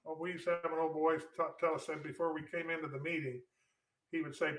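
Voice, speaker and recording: A man's voice: fairly high pitch, flat delivery, fast, a bit bright, reverberant, far from the mic, low-quality recording. A man co-hosting a chat show, joking and laughing often, often trailing off mid-sentence. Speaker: co-host. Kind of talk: casual chat.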